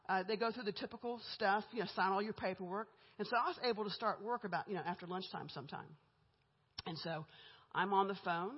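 A woman's voice: mid-range voice, husky. A middle-aged woman giving a candid, chatty church testimony about her own life, laughing between lines. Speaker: guest speaker giving a testimony. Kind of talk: church testimony, conversational storytelling. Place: church sanctuary. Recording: echoey church hall, muffled.

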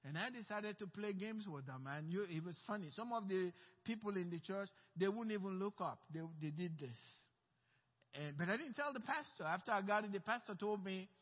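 A man's voice: high voice, lively intonation, fairly quick. A male pastor preaching a sermon with impassioned delivery and personal storytelling. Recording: dull sound with long hall reverb.

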